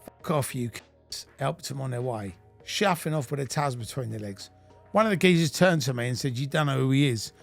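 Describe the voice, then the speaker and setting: A man's voice: medium pitch, lively intonation, normal speed, creaky, soft background music. A middle-aged British man reading his own memoir aloud, blunt and full of swearing. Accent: British English. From United Kingdom. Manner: blunt, heavily profane storytelling. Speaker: narrator of his own life story.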